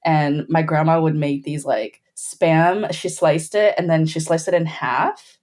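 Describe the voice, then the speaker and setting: Woman, podcast guest, animated chatty storyteller, lower voice. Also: unhurried. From grew up between Bolivia and the US. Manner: animated storyteller, laughing often, with frequent "like" fillers. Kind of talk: casual podcast chat.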